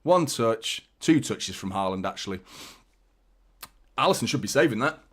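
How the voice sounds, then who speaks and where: A man hosting a live football watchalong, giving fan commentary and chatting to viewers, excitable and prone to swearing. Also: on the low side, normal speed. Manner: chatty, addresses viewers as mate. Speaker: watchalong host. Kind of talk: live match commentary and chat.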